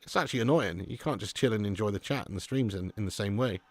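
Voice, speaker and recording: A man's voice: lowish voice, quick pace, no room sound. A man hosting a live watch-along stream, bantering and greeting viewers by name. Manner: banter-filled, reads out chat names. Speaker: livestream host. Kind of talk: casual watch-along chat.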